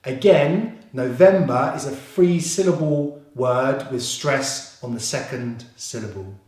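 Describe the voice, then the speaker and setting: A man with a British accent teaching English pronunciation, slowly repeating each sound and encouraging his learners. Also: medium pitch, darkish tone. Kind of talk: pronunciation lesson. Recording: very echoey room.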